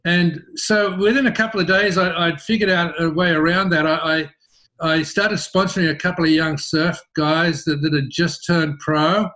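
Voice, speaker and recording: A middle-aged man with an Australian accent tells his business story in an interview, animated and often repeating words as he starts sentences. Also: a little high, moderate pace. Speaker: interview guest, business founder.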